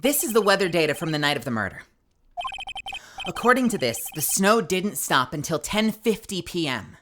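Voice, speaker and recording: A woman's voice: lowish voice, sing-song, normal speed, noisy background. A woman voicing a confident young male defense attorney who lays out a contradiction. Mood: assertive. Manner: assertive, explaining.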